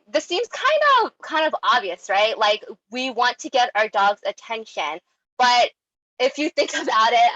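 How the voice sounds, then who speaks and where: A young woman giving a casual online talk on dog training, chatty and animated, with many ums and likes. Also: fairly high pitch, no echo, lo-fi sound.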